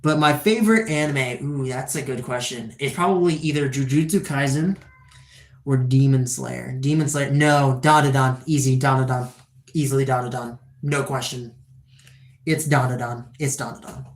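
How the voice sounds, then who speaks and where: A person in their twenties livestreaming, chatting casually and rambling excitedly, swearing often and answering chat questions. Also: mid-range voice, moderate pace, reverberant. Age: 20s.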